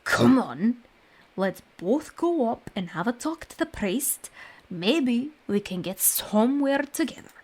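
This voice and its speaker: A woman's voice: fairly high pitch, animated, a little slow, darkish tone, breathy edge, pitched above the performer's own voice. A woman voicing an earnest knight with an urgent mission, explaining the danger plainly.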